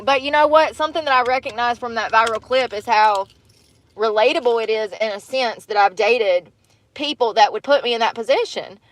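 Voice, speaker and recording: A woman's voice: on the high side, no room sound. A woman, livestreaming casual chat from a parked car, rambling and candid and laughing often. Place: parked car in a parking lot.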